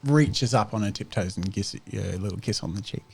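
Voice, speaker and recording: A man's voice: on the low side, brisk, vocal fry, darkish tone, husky. A man running a tabletop role-playing game, narrating casually with lots of fillers. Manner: casual, many fillers, laughs often. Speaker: game master.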